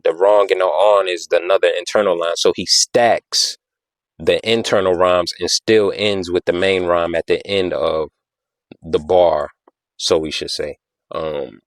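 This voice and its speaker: A man's voice: sits low, no echo. A man hosting a podcast, talking casually and explaining things, often repeating himself and asking "you know what I'm saying?". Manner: taps out rhythms with "da da da". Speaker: podcast host.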